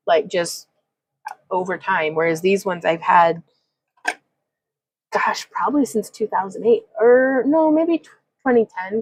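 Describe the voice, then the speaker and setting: A woman's voice: lowish voice, no room sound, poor audio. Chatty woman demoing wire craft. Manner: chatty, rambling, laughs often, reads chat comments aloud. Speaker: craft livestream host. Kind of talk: casual livestream wire-wrapping demonstration. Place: home craft room.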